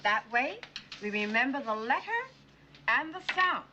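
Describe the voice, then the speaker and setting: An actress playing a firm, devoted schoolteacher who patiently encourages struggling children. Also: female voice, on the high side, very animated, a little slow, sharp tone, a little hiss or hum, exaggerated voice. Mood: gently firm. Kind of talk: film drama acting. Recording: slightly dull film soundtrack.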